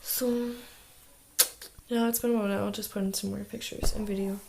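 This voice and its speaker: Chatty teen girl with vocal fry. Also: medium pitch, little pitch movement, moderate pace, background noise. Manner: chatty, lots of "like" fillers. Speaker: exchange student vlogger. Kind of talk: casual video diary.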